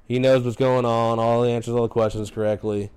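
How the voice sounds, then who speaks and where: Smooth-voiced man telling call stories. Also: medium pitch, a little fast. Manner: animated storyteller, acts out calls, swears, laughs often. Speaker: podcast host, EMT. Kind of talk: casual chat.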